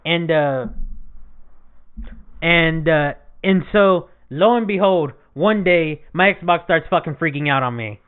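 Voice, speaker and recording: A young man telling stories in casual chat, animated and swearing a lot. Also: a little high, takes it slowly, clean tone. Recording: tinny lo-fi phone-like sound.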